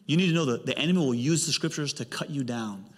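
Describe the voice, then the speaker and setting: A male pastor preaching a sermon with emphatic delivery and big swings in pitch. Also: quick pace. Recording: long hall reverb.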